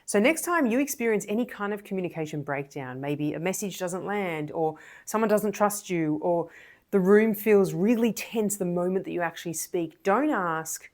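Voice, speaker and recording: Animated Australian woman telling a story. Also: lowish voice, normal speed. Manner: animated, expressive storytelling with quoted dialogue. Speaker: speaker and communication coach. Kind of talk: storytelling to camera.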